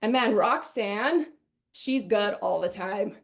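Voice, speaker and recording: A middle-aged woman from Wisconsin giving a chatty, energetic sales training webinar, often acting out what customers say. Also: mid-range voice, slow, gravelly.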